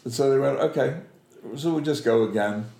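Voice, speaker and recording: A man's voice: medium pitch, brisk, echoey room. A man telling an anecdote as an interview guest, acting out the lines of the people in his story and laughing often. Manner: animated, acts out quoted voices, laughs often.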